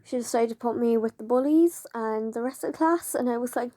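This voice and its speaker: A vlogger with a warm, fairly high voice tells a personal story to camera, talking fairly quickly. She's chatty, says "like" a lot, and acts out what other people said.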